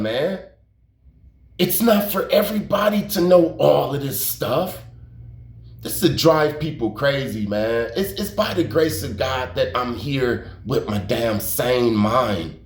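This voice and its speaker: A man's voice: mid-range voice, expressive, slow. Rambling, slangy man in an echoey room. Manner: rambling, emphatic, slangy, repeats words, curses. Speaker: YouTube storyteller. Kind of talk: casual storytelling monologue. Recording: roomy echo.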